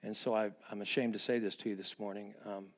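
A man's voice: lowish voice, level tone, quick pace. Fervent older male preacher. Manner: dynamic preaching, dropping to hushed confessional tones and rising to fervent emphasis. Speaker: pastor. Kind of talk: sermon.

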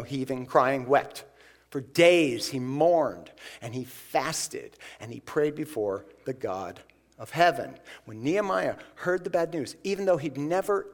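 A man preaching a sermon in a conversational way, acting out the voices of the people in the passage. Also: a little high. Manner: conversational, acts out scripture voices. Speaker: pastor.

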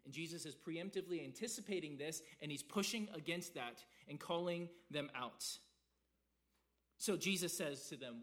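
A man from the South, preaching a sermon in an animated way, acting out quotes and repeating words as he goes. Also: sits high, normal speed. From American South. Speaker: pastor.

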